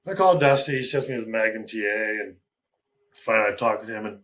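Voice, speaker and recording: A man's voice: lowish voice, fast, fairly bright tone. Candid rambling man telling old stories. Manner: rambling and candid, with chuckles and fillers. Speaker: interview guest. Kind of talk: casual storytelling interview.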